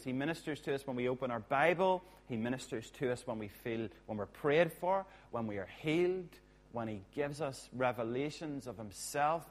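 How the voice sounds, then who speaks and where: A man preaches a sermon in a relaxed, conversational way. His pitch sits in the middle range for a man. He keeps the tone jokey and throws in quick asides. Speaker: pastor.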